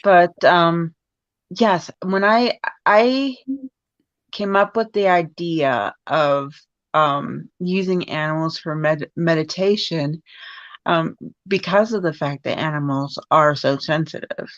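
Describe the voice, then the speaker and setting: A woman guest in a casual talk, speaking haltingly with many fillers and restarts. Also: sits low, no room sound, dull audio. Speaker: podcast guest. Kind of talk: casual conversation.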